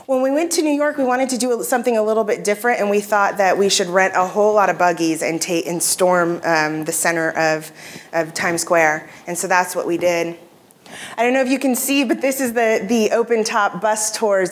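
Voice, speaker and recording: A woman's voice: fairly low pitch, slight background noise. A woman giving a conference keynote, telling stories in a conversational way with frequent fillers and restarts. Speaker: keynote speaker. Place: convention hall stage.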